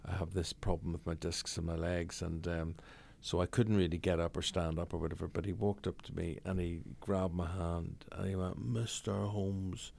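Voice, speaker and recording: Brief: Northern Irish broadcaster in his 60s, raconteur, deep and gravelly. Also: moderate pace, few pauses, slight background noise. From Northern Ireland. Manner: lively raconteur, blunt, swears freely. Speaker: guest, broadcaster. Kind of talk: anecdotal storytelling in conversation.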